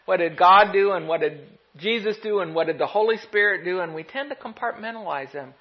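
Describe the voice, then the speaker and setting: A pastor preaching a gentle, reflective sermon, laughing softly now and then. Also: mid-range voice, brisk. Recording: dull lo-fi recording.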